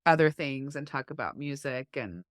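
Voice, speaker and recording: A woman co-hosting a podcast, telling family stories with lively quoted dialogue. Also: very deep voice, moderate pace, dry recording, clean studio sound. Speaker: podcast co-host. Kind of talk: casual chat.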